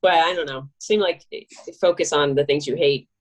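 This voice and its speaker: A woman talking as an interview guest in a relaxed, jokey, casual chat, with plenty of swearing. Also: low-pitched, fairly quick. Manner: laid-back, swearing, jokey.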